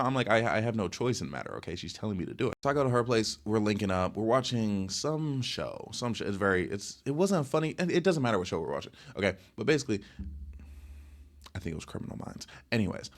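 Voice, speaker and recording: A man's voice: lowish voice, fast talker. A young man hosting a podcast, telling his own dating stories in a rambling, casual way with lots of fillers. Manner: rambling, animated, many fillers. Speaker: podcast host. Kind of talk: casual storytelling.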